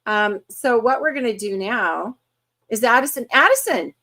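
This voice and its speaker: A woman in her fifties hosting a casual livestream, chatty and quick to laugh as she greets viewers one by one. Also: fairly high pitch, expressive, bright, forceful tone. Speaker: host.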